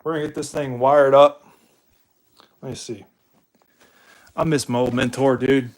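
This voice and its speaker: Setting up his gear on a livestream, this young Ohio man rambles profanely to his viewers and keeps calling them "dude." He speaks unhurriedly in a steady, medium-pitched voice. He's from Ohio in the United States.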